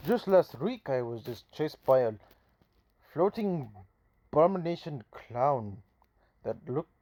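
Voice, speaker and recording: A man's voice: a little high, animated, mellow. Guy doing a cocky, secretive superhero with a thick put-on Russian accent, trips over words, for a homemade storybook tale. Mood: boastful. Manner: halting, boastful, restarts often. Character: mysterious boastful male Russian-accented superhero. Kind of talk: amateur voiced storytelling.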